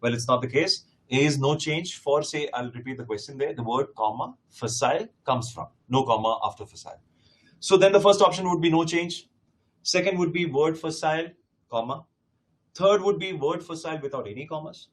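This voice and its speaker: A man with a slightly higher-pitched voice leads a test-prep lecture. He speaks to his students directly and drives his points home by repeating them with emphasis. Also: brisk. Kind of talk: live classroom lecture.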